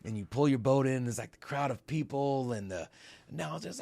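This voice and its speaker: A man's voice: mid-range voice, fairly quick, a little mellow, no echo. A middle-aged man telling a story in a casual interview. He talks with open emotion, swears freely and acts out his own reactions as he goes. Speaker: company CEO recounting an ocean row.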